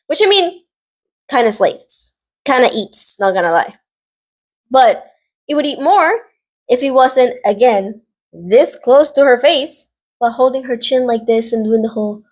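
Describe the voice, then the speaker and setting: Chatty young woman, slightly high voice. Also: a little mellow. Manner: rambling, filler-heavy, sassy asides. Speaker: vlogger recapping a drama series. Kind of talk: casual chatty recap.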